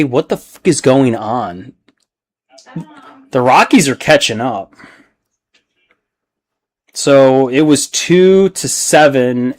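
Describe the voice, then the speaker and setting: A man chatting casually on a livestream while painting, rambling and swearing freely as he reacts to his chat. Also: mid-range voice.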